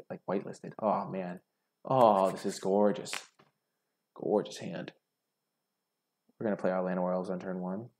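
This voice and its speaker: Playing a card game on stream, a young man offers casual commentary, reasoning out loud and critiquing each of his own moves. His voice is very low and gravelly, with a husky edge and a darkish tone.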